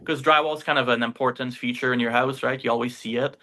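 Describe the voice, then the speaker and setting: Talking fast in a steady, sharp, medium-pitched voice, this French-accented podcast guest recounts his story in a meandering way. He's a native French speaker, and his casual interview storytelling is full of fillers and tag questions.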